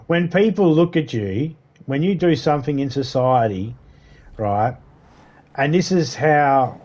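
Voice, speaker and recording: A middle-aged man streams a game and chats casually, swearing freely as he rambles through stories. His medium-pitched voice has lively intonation, a measured pace, and a darkish tone.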